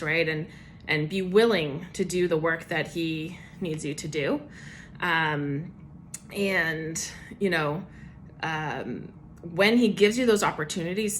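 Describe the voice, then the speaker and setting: A woman's voice: low-pitched, a bit bright, a little hiss or hum. A woman giving a casual personal testimony devotional for her church, chatty, with many fillers.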